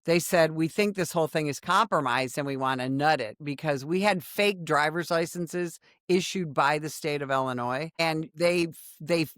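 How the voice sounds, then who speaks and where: A woman in her sixties, a former undercover police officer, telling a story in a podcast conversation with dramatic, animated retelling. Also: low-pitched, dry recording, clean studio sound. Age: 60s.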